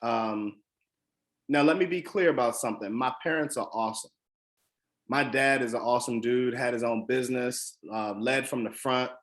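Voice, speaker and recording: A man from the Washington DC area tells a personal story to motivate his listeners. He speaks earnestly and emphatically, often pausing on "um" and restarting his sentences. His voice sits at an ordinary middle pitch. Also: a bit bright.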